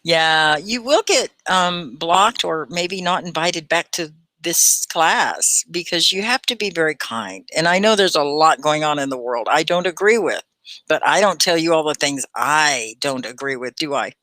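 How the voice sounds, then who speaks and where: Lively, bright-voiced woman ESL teacher. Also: low voice, measured pace, no room sound. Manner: warm, encouraging, chatty with viewers. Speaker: ESL teacher hosting a livestream class. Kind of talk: live online English lesson.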